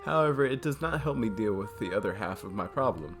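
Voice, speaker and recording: Low-voiced man narrating a game. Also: animated, brisk, music in the background. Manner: casual, with small slips and restarts. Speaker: host. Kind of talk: narrating a visual novel playthrough.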